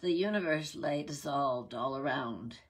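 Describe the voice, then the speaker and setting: A woman reads a retold myth aloud, measured and reverent. Her voice is low and slightly husky, and she takes her time. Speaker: reader.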